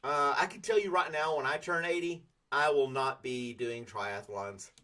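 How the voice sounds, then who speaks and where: A man's voice: mid-range voice, moderate pace, sharp tone. A man hosting a casual morning podcast, rambling in a folksy, self-deprecating way. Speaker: podcast host.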